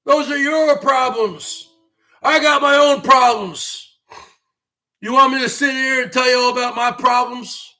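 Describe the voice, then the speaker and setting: A man hosting a livestream, ranting and mocking viewers, often breaking into shouts. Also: extremely high pitch, steady tone, measured pace, faint music behind. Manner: mocking, scolding, bursts into shouting. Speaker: livestream show host.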